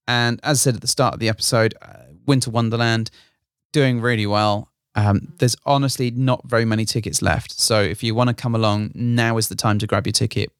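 A man's voice: on the low side, fairly even intonation, fairly quick, smooth, dry recording, clean studio sound. A man co-hosting a podcast, chatting casually in an upbeat way and plugging upcoming events. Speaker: podcast co-host. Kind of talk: casual chat.

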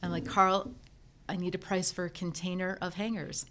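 A woman's voice: on the low side, fairly quick. A middle-aged woman, a guest on an interview show, telling her business story casually and acting out the conversations she remembers. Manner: lively storyteller who acts out remembered dialogue. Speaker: guest, professional organizer turned entrepreneur.

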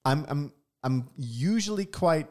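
A man's voice: a little high, animated, slow, a little mellow. Reflective male podcast co-host. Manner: reflective, self-deprecating, restarts often. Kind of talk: casual podcast chat.

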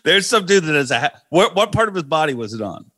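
A man hosting a podcast, with a bright, forceful tone and a slightly raised pitch. He keeps things laid-back and joking, tossing in quick questions and teasing asides. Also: very animated. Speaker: podcast host. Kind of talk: casual podcast chat.

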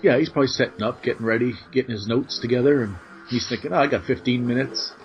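A man's voice: medium pitch, fast talker, highs cut off. A man chatting casually and wryly about their podcast channel. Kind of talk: casual chat.

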